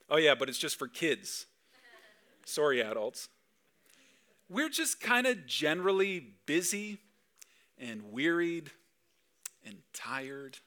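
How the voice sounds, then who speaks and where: Preaching at a Christmas Eve church service, the pastor speaks in a fairly high, bright voice with a forceful edge. His delivery is conversational and full of rhetorical questions aimed at the audience.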